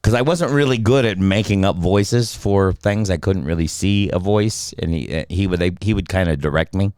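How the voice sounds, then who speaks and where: A comedian and voice actor in his fifties, a podcast guest telling animated stories with frequent laughs and restarts. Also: deep voice, normal speed, clean tone, no echo. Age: 50s. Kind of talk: casual storytelling chat. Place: podcast studio.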